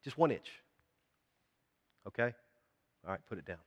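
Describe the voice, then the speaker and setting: A man's voice: on the low side, animated, normal speed, in a large hall. A man preaching a sermon in a church, talking conversationally and asking the congregation questions. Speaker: pastor.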